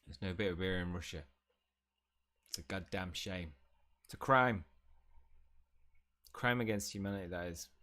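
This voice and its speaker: Low-voiced man streaming a game. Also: normal speed, long pauses, sharp tone. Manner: jokey, rambling, chats with viewers. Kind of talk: casual livestream commentary.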